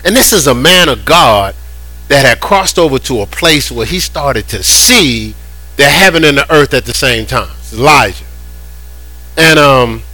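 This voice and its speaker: A man preaching a sermon in a conversational, animated way, often repeating words as he goes. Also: mid-range voice, poor audio. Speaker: pastor.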